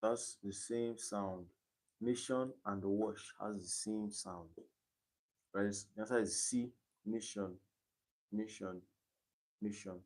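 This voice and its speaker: A man's voice: on the low side, steady tone, slow pace, pauses often, darkish tone. A young Nigerian man tutoring exam questions on a live stream, explaining step by step and repeating key points. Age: young adult.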